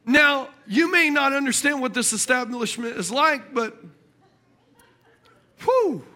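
A man's voice: very high-pitched, unhurried, long pauses. A man preaching a sermon, telling a funny story and calling out to the congregation. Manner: animated, jokey, calls out to the congregation.

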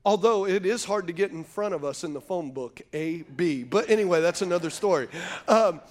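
Before a live congregation in a church sanctuary, a male pastor speaks in an expressive, high-pitched voice at normal speed. He uses call-and-response, calling for the crowd to answer, and fills the gaps between points with jokes.

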